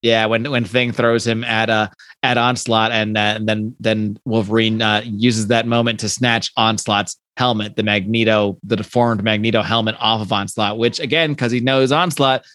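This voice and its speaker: A man's voice: lowish voice, little pitch movement, normal speed, fairly bright tone, no echo. A man co-hosting a casual podcast, asking questions and chatting with frequent restarts. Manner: chatty, asks questions with many restarts and fillers. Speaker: podcast co-host. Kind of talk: casual chat.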